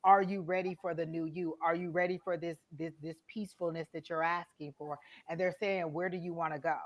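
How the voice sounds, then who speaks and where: A woman's voice: fairly low pitch, fairly even intonation, moderate pace, muffled recording. A woman tarot reader on a live stream, speaking straight to a viewer and asking many questions as she gives a reading.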